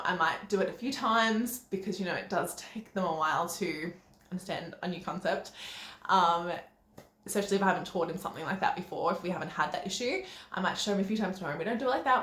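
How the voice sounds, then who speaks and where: Young woman, casual parenting vlog, chatty with ums and small laughs, mid-pitched, roomy echo. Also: a bit bright. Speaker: parenting vlogger. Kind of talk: casual advice talk to camera. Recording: echoey room.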